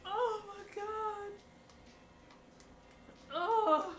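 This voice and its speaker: A woman's voice: very high voice, extremely slow, a little hiss or hum. A woman livestreaming while she bakes, chatting casually with her viewers, laughing and exclaiming often. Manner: giggly, exclaiming, teasing chat. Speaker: streamer.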